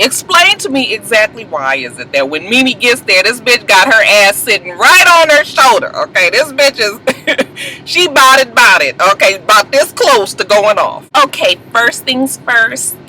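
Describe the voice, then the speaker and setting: A woman giving a casual, gossipy TV episode recap, animated and sassy, laughing often and swearing freely. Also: on the high side, a little hiss or hum, rough recording. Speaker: TV show reviewer.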